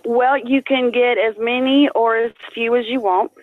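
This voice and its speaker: A woman's voice: on the high side, steady tone, moderate pace, no echo. A woman working as a print shop clerk, patient and businesslike on a phone call. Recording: tinny phone line.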